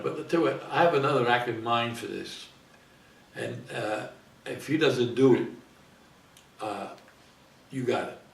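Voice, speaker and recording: Gravelly older New man, rambling. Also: mid-range voice, distant mic. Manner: rambling anecdotes, repeats himself, self-interrupting. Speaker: guest actor. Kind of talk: casual interview storytelling. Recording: roomy sound from off-mic, faint hiss.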